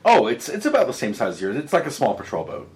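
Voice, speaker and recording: A man's voice: mid-range voice, wildly swooping pitch, quick pace, darkish tone. A man running a tabletop game as game master, narrating casually with fillers.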